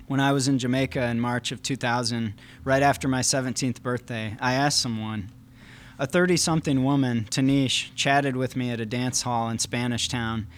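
Brief: male author, halting answers, even reading voice, faint background noise. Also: mid-range voice. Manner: hesitant when talking, steady when reading. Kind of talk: live author talk and reading.

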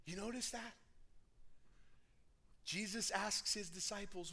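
A man preaching a sermon, dramatic, dropping to near whispers and rising to shouts. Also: mid-range voice, expressive, unhurried, breathy edge. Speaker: pastor.

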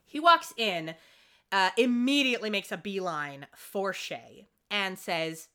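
Lively, bright-voiced woman recapping a show. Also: medium pitch, slow, smooth. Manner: animated, acts out characters' lines in quotes. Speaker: podcast co-host. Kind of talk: casual episode recap chat.

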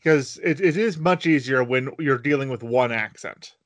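A man's voice: mid-range voice, moderate pace, no echo. A man co-hosting a podcast, explaining at length in casual chat and acting out quoted lines. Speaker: podcast co-host.

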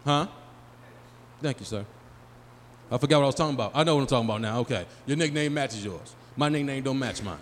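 A man's voice: medium pitch, quick pace, pauses often. A man in his forties doing live stand-up comedy in a small venue, bantering loosely and profanely with the crowd. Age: 40s. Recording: live room with long reverb, faint noise.

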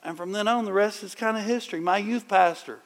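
A middle-aged man preaching in a conversational, animated storytelling way, with sudden loud bursts. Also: high-pitched, a little fast. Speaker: pastor. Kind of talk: sermon.

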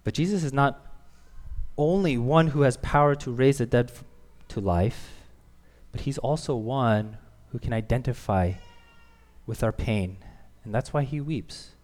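A man delivers a sermon in a church sanctuary, his earnest preaching swelling to emphatic peaks before falling quiet. His middle-pitched voice carries a long hall reverb. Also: unhurried. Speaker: pastor.

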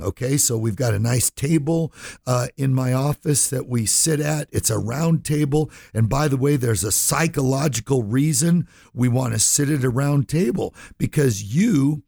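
A man hosts a talk radio show with a gravelly, husky voice and a dry studio sound. He speaks earnestly and passionately to his listeners, repeating and restarting phrases, and is close to tears. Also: mid-range voice, mellow, no room sound. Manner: earnest, impassioned, repetitive restarts. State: choked up, near tears.

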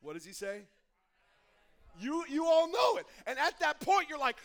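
Young guy preaching, kinda high voice, lots of stumbles and restarts, gets worked up telling stories. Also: normal speed, vocal fry. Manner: animated storytelling, many restarts. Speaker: pastor. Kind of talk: sermon.

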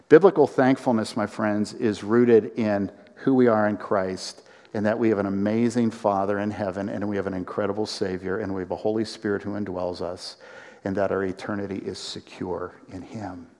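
A man preaching a sermon to a congregation, animated, with acted-out quotes and rising emphasis. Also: fairly low pitch, big-room sound. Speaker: pastor.

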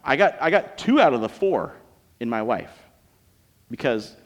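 A man's voice: medium pitch, very animated, unhurried. A man with an American accent preaching a sermon as a pastor, conversational and joking. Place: church auditorium. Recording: long reverb of a church hall.

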